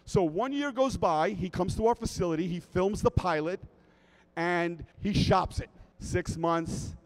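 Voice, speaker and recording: Animated, high-voiced man telling a story. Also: measured pace, poor audio. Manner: animated, keeps checking in with "right?". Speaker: speaker at a fan convention. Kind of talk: comic storytelling to a live audience.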